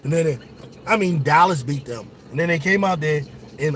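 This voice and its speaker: A young man, his voice pitched a little high, calls a basketball game live for his viewers. He is excitable and swears freely. A faint hiss sits under the voice. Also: moderate pace. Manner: excitable, profane, talks straight to viewers. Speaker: sports show host. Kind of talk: casual live watch-along commentary.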